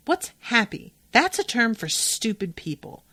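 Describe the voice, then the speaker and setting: A woman reading out a stern, fiercely loving older mother's lines in a slow, emphatic way. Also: a little high, big pitch swings, bright, forceful tone, no room sound, voice pushed up, exaggerated voice.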